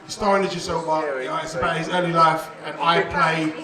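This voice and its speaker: A man performing a stand-up comedy set on a club stage, animated and laughing, shouting his punchlines. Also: a little high, a little fast. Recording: echoey club room, distant mic, loud crowd.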